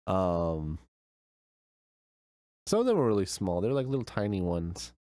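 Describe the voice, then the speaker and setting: A man's voice: sits low, big pitch swings, measured pace, warm tone, no room sound. A young man streamer telling a vacation story in casual, rambling chat with many fillers.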